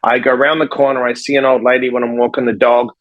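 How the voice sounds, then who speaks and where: A man who is a life coach and author, telling a story in a podcast conversation with lively energy and acting out the people in it. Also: mid-range voice, quick pace, dry recording, phone-quality sound. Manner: energetic, acts out the people in his stories.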